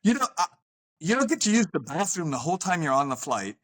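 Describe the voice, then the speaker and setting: Hombre médico, reflexivo y serio. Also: male voice, fairly high pitch, very animated, quick pace, fairly bright tone. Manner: earnest, reflective, explains at length. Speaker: podcast guest, physician. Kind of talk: casual chat.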